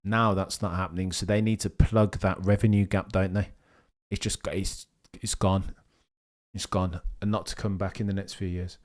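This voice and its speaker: A man's voice: sits low, little pitch movement, moderate pace. A man hosting a casual livestream, reading viewer comments and chatting about the topic in a rambling way.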